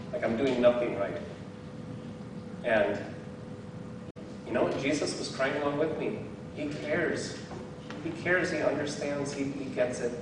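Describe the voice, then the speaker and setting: Preaching as a guest speaker, this man has a mid-range voice and a candid, self-deprecating manner punctuated by laughter. The recording is noisy and comes from a very echoey hall, picking him up from some distance.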